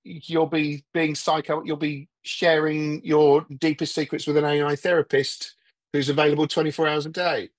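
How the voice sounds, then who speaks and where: A man's voice: fairly high pitch, flat delivery, normal speed. A man talking as a guest in a casual conversation, rambling wryly and often stopping mid-thought to restart. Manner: rambling, self-interrupting, wry, breaks into mock voices. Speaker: guest, TV writer.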